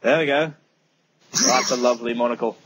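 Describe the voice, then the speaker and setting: A man putting on a mock British gentleman who admires a monocle and thinks of tea. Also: mid-range voice, fairly even intonation, moderate pace, slightly rough, rough recording. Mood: prim.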